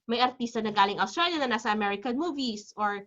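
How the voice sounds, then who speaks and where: Filipina tutor, casual lecture, bright voice, muffled lo-fi audio. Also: female voice, fairly high pitch, animated, fast talker. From Philippines. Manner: chatty, thinking aloud with fillers and asides. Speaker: IELTS teacher. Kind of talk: online class lecture, mixing English and Tagalog. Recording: dull, lo-fi online class audio.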